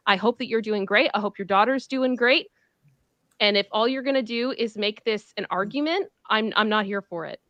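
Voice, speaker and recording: A woman co-hosting a casual livestream chat, earnest, firm and measured. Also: medium pitch, fairly bright tone, dry recording, lo-fi sound. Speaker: co-host.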